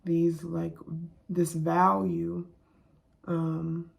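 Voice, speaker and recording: Woman, card reader; slow, gravelly, halting delivery. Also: on the low side, flat delivery. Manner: soft, halting, many fillers. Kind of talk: reflective spiritual monologue.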